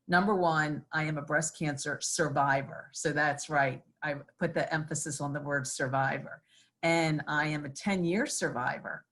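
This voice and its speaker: A middle-aged woman with a low-pitched voice answers interview questions as a state senator. She talks earnestly, with plenty of ums and restarts. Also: fairly bright tone. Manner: earnest, with many fillers.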